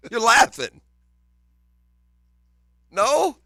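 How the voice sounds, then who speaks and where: A man's voice: very high-pitched, wildly swooping pitch, extremely slow, vocal fry, sharp tone, dry recording, studio quality. A man co-hosting a morning sports radio show, chatting casually, teasing and laughing often. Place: radio studio. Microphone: studio microphone.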